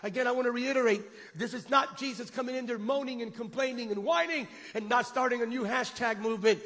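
A man preaching with fervour, his voice sitting very high and rising into shouted peaks as he calls the congregation to repeat after him. The sound rings out with the long reverb of a large church sanctuary. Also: fast. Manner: impassioned, shouting climaxes, call-and-response with congregation. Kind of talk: sermon.

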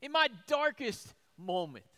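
A man's voice: extremely high pitch, big pitch swings, a little slow, bright, forceful tone. A middle-aged male pastor preaching a sermon, building emphasis with rhetorical questions.

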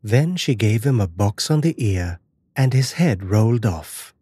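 A man giving a measured, dramatic scripted narration of a horror fairy tale. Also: on the low side, animated, warm tone, husky, no room sound.

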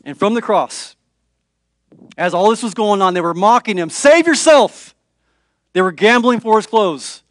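High-voiced man preaching a sermon. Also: normal speed, dry recording. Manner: dramatic, shifts between hushed and raised voice for quoted figures. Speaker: pastor.

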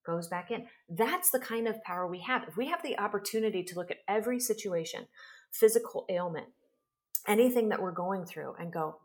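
A woman in her forties, a podcast guest telling a story with lively energy and acting out what others said. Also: medium pitch, brisk. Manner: animated storyteller, acts out quoted speech. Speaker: guest, healer and trauma specialist.

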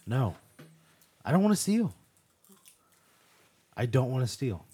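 Exasperated, profane male co-host, husky and lively voice, comedy banter. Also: mid-range voice, takes it slowly. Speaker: podcast co-host.

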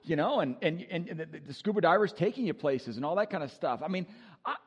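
A male pastor preaching an animated, joking sermon with exuberant energy. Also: on the high side, fast, breathy edge, big-room sound.

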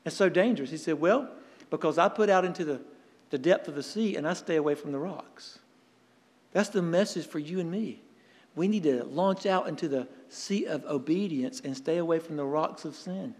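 Male pastor, high voice, earnest storytelling sermon, long hall reverb. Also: a little mellow. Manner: earnest preaching with storytelling and dramatic pauses.

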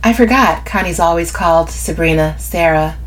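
Low-voiced woman narrating a story. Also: normal speed. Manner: expressive storytelling. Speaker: audiobook narrator. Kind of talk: first-person fiction narration.

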